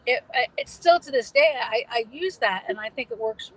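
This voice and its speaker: A woman's voice: fairly high pitch, lively intonation, normal speed, rough recording. A middle-aged woman with a New England accent, chatting casually as a guest, with lots of fillers and restarts. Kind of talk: casual video chat.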